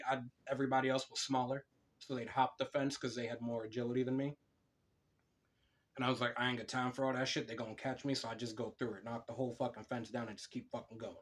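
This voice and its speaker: A young man talks casually on a podcast, his voice pitched right in the middle. He tells long stories with a lot of energy and curses freely as he goes. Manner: swears a lot, animated storytelling. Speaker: podcast co-host.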